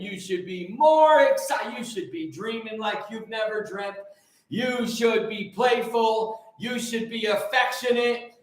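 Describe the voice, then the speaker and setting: Fiery preachy man in an echoey room. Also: high-pitched. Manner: preachy, rousing, swings between shouting and muttering, sings snatches. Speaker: host. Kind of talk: fiery motivational monologue.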